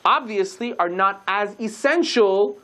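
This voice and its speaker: A rabbi giving a sermon, telling a story and acting out the dialogue with lively shifts in voice. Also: male voice, high voice, unhurried.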